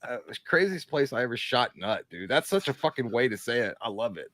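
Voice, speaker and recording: A man chats as a livestream co-host at a middling pitch, swearing freely and tripping over his words as he tells crude stories. The sound is dry and close, with no room around it. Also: sing-song, brisk, a bit bright, dry recording. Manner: crude, profane, repeats himself and stumbles. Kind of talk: casual livestream chat.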